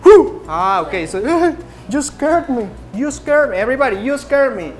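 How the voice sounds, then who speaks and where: A woman English teacher in a classroom, slowly repeating prompts and drilling her students. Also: sits high, animated, music in the background. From Nicaragua.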